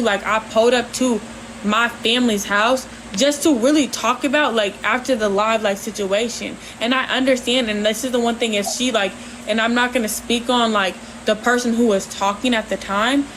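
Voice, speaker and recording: A woman hosting a livestream, talking casually in a rambling, halting way with lots of fillers. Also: a little high, slight background noise, low-quality recording. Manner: says she talks with her hands, animated. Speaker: livestream host.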